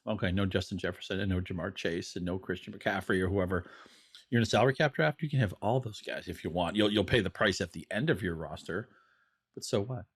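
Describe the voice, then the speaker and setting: A man's voice: sits low, quick pace, slightly rough. A man co-hosting a casual sports podcast, making his points with playful rhetorical questions. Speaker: podcast co-host. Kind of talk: casual fantasy football chat.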